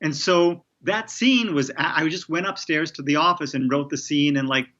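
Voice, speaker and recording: A man's voice: a little high, moderate pace, pushed and bright, muffled recording. A man being interviewed as a TV showrunner, talking casually with many restarts and fillers. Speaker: TV showrunner guest.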